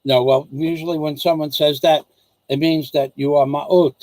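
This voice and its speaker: Higher-voiced rambling American man. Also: steady tone, normal speed, a little mellow, dry recording, low-quality recording. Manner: repetitive, restarts sentences, acts out dialogue. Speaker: vlog host. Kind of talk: casual rambling rant to viewers and wife.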